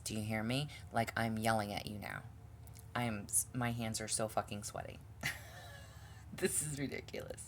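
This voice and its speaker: A woman with a very deep, low voice gives a casual tarot reading straight to camera. She talks bluntly and with exasperation, swears freely, and trips over her own sentences. A faint hiss sits under the recording. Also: normal speed, pauses often. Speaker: tarot reader.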